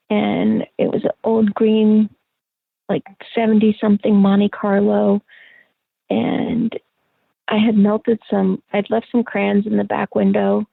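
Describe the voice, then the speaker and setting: A middle-aged woman, an interview guest, telling a personal story in a halting, reflective way with many fillers. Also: mid-range voice, creaky, no room sound. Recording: tinny phone-line sound.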